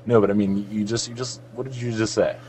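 A man's voice: lowish voice, steady tone, quick pace, a little mellow, slightly rough. A man from South Florida co-hosting a podcast, joking around and swearing freely in casual banter. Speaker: podcast co-host.

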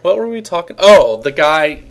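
A man's voice: a little high, big pitch swings, moderate pace. Chatty male podcast co-host. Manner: chatty, laughs often. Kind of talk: casual chat.

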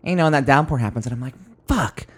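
A man chatting casually as a podcast co-host, telling animated stories and swearing freely. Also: mid-range voice, rapid-fire. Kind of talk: casual chat.

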